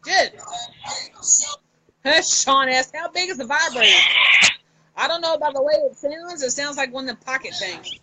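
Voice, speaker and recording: A woman's voice: high-pitched, normal speed, pauses often, pushed and bright, a little hiss or hum, poor audio. A woman author chatting casually with fans on a live stream from her phone, laughing often and swearing freely.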